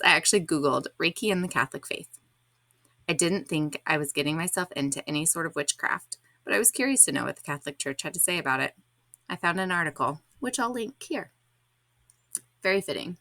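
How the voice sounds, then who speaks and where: Low-voiced woman reading her blog. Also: brisk, fairly bright tone, no room sound. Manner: candid, reflective, slightly awkward. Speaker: podcast host.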